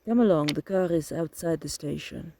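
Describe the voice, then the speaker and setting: A man's voice: fairly high pitch, moderate pace, warm tone, slight background noise, lightly acted. A man playing a courtly older Frenchman. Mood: cordial. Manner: polite, formal. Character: courteous older Montreal gentleman.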